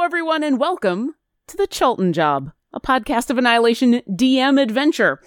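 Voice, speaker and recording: A woman hosts a tabletop game as dungeon master, welcoming her players in a playful, bright way. Her voice rises and falls a great deal. The sound is close and dry. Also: a little high, no echo.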